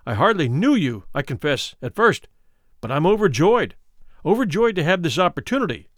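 A man reading a classic story aloud, voicing a wealthy older physician who talks in a hurried, falsely cordial, placating way. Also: on the high side, sing-song, fairly bright tone, no room sound, studio quality. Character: wealthy, smooth-talking older male London physician, nervously polite.

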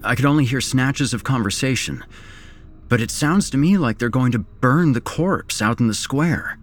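A man's voice: medium pitch, normal speed, voice pushed up, close to an everyday voice. A man voicing an alarmed male tavern worker who speaks with urgency over faint music. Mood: urgent.

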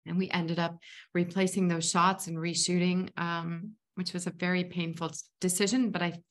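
A woman's voice: lowish voice, level tone, normal speed. A woman, an actress and filmmaker, telling stories in a casual interview, chatty and rambling with many fillers and restarts. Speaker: actress and filmmaker, podcast guest.

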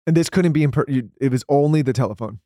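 A man hosting a podcast, asking quick follow-up questions and summing up what the guest says. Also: mid-range voice, dark tone, no room sound, studio quality. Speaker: podcast host. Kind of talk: casual interview.

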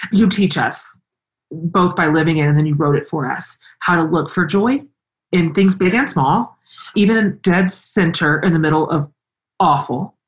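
A middle-aged woman hosting an interview, talking in an earnest, expressive way and telling personal stories with animation. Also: lowish voice, poor audio. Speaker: interview host. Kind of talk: conversational interview.

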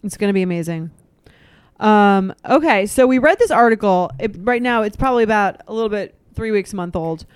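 A woman's voice: mid-range voice, lively intonation, a little fast, clean tone, no room sound. A woman co-hosting a podcast, chatting casually and filling her talk with "like.". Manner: chatty, lots of "like" fillers. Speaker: podcast co-host. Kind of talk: casual banter.

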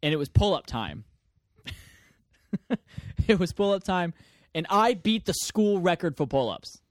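Young guy podcast cohost, kinda high voice, jokey storyteller, laughs a lot, dry sound. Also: big pitch swings, a little slow, no room sound. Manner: joking, laughs often, tells stories with quoted voices. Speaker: podcast co-host. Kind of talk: casual chat.

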